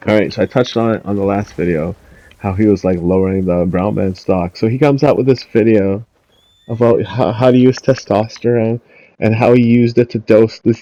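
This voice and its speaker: A man's voice: mid-range voice, mellow, no echo. A young man ranting in casual commentary, swearing often, laughing and rambling with many fillers. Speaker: commentary vlogger. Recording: dull lo-fi audio.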